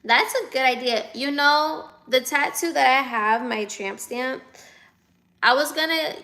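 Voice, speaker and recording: A young woman in her twenties streams live from her phone, chatting casually and unhurried as she reads out viewer comments. Her slightly high voice has bright, crisp edges with gravelly fry at the bottom. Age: 20s. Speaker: livestreamer. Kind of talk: casual livestream chat.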